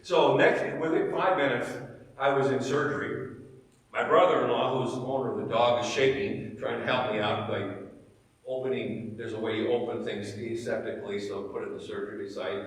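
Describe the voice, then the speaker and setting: A middle-aged man teaching Sunday school, telling animated stories and quizzing his class. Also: medium pitch, normal speed. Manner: animated storytelling, asks the class questions. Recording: echoey church hall, mic far away.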